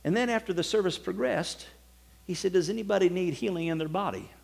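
A man preaching a sermon, telling his own testimony with swings from hushed to loud, exclaiming passages. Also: high-pitched, brisk, vocal fry, husky.

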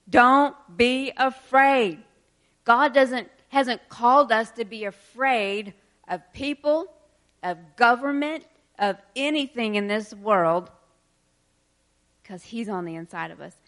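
A woman preaching a sermon, reading scripture verses slowly and with emphasis, then explaining them in quicker asides and laughing between points. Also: fairly high pitch, fairly bright tone.

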